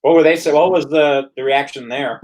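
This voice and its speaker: A man's voice: on the high side, fairly even intonation, a little fast, darkish tone. A man hosting a casual livestream chat while drinking, rambling with stammered restarts. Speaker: stream host.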